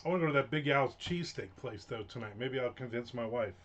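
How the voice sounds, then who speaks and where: A man's voice: mid-range voice, animated, fast, a bit bright, lo-fi sound. A man hosting a live stream, rambling through casual stories with frequent swearing. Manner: rambling, profane, chatty storytelling. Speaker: livestream host. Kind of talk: casual chat while writing. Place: home room.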